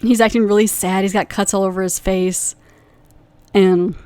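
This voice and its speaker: A woman's voice: medium pitch, little pitch movement, mellow, clear, resonant tone, no echo. A young adult woman hosting a podcast, casually recapping a TV episode in a rambling way with lots of fillers. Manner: rambling, with many fillers and quick acted quotes. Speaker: podcast host reviewing a TV episode.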